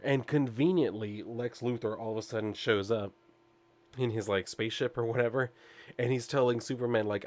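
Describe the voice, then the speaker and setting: A man's voice: mid-range voice, normal speed, a little mellow. A man casually recapping a comic book issue, rambling with lots of "like" and "I guess", often chuckling to himself.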